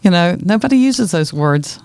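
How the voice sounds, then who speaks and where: Smooth-voiced Southern woman. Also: on the low side, expressive, moderate pace, darkish tone, dry recording. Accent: Southern American. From North Carolina, USA. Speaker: guest. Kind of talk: casual interview chat.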